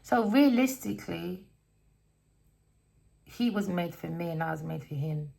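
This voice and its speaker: A woman's voice: lowish voice, expressive, a little slow, creaky, warm tone. A woman giving a casual tarot reading, blunt and rambling, swearing constantly as she tells stories. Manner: storytelling, rambling. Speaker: tarot reader.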